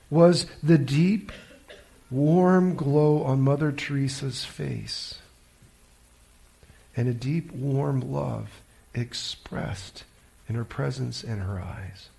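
A man's voice: medium pitch, gravelly, a little mellow. A male preacher telling a story in a sermon, with a dramatic, emphatic delivery.

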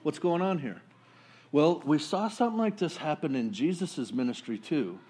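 A man preaching a casual sermon, talking it through conversationally and acting out quotes in a lively way. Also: normal speed, breathy edge. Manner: conversational, acts out quotes with sudden high jumps and laughs. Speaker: pastor.

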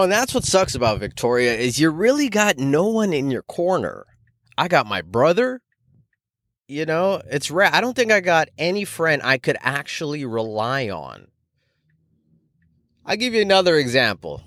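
A man's voice: high-pitched, a bit bright, no echo, studio quality. A young man hosting a solo podcast, rambling casually and profanely, with lots of filler phrases. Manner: rambling, profane, heavy fillers like "you know". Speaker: podcast host.

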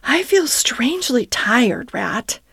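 A woman voicing a gentle, weary male mole in a storybook reading, speaking softly and wistfully in a raised voice. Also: big pitch swings, moderate pace, dry recording, clean studio sound. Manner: soft, wistful, raised pitch. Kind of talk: storybook character voice.

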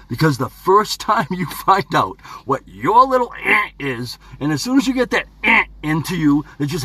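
Lively folksy man musing aloud. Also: fairly high pitch, normal speed, hardly any pauses, slightly rough. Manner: folksy, playful, talks to himself. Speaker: podcast host. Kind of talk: rambling motivational monologue. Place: home studio.

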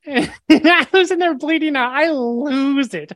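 A man's voice: very high voice, a little slow, no echo. Young guy telling his story, acts out the lines, dry mic. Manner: animated, acts out quoted dialogue. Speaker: podcast guest. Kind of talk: storytelling in a casual interview.

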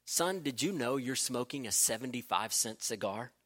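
A man preaching, quoting an older male professor who is a calm, dry and knowing father. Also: mid-range voice, moderate pace, voice pushed down.

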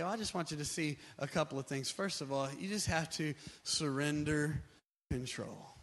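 A male pastor preaching with a high, bright voice. He shifts between soft, talky stretches and loud, drawn-out declarations, leaning hard on key words. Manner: builds from quiet to shouting, dramatic slow emphasis. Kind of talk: sermon.

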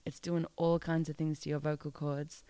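A woman's voice: low voice, flat delivery, moderate pace, mellow, smooth, no echo. A playful, encouraging woman teaching a singing lesson and demonstrating odd vocal sounds.

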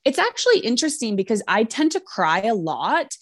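A woman's voice: a little high, sing-song, a little fast, no room sound. Woman, podcast co-host, casual chat, reflective and earnest, close dry sound.

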